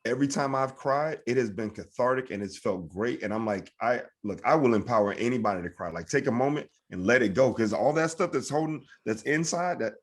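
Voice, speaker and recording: A man's voice: mid-range voice, expressive, brisk, hardly any pauses. A man hosting a podcast in casual chat, speaking emphatically and earnestly, peppered with dude and man.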